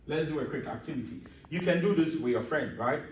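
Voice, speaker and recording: A man's voice: on the high side, animated, brisk. Man teaching, asking and answering himself. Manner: asks rhetorical questions and answers them himself; repeats points emphatically, checks understanding. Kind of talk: classroom lesson on exam stress. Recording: roomy echo, mic at a distance.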